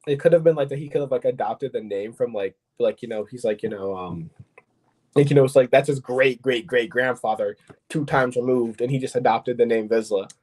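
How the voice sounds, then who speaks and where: A man's voice: mid-range voice, a little fast, darkish tone. A man co-hosting a fan podcast, laid-back and chatty, retelling scenes with many fillers. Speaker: podcast co-host. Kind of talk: casual podcast chat.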